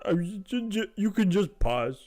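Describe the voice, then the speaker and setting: A man's voice: very animated, slow pace, darkish tone, exaggerated voice. A man voicing a sad, weepy giant troll who speaks in broken, simple phrases. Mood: tearful. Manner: broken simple speech, high and tearful.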